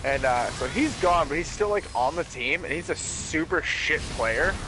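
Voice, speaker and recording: A man hosting a game stream, telling a story in an animated way, swearing freely. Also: a little high, normal speed, music in the background. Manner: animated, swearing, dramatic retelling. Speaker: streamer host. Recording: noisy home stream mic.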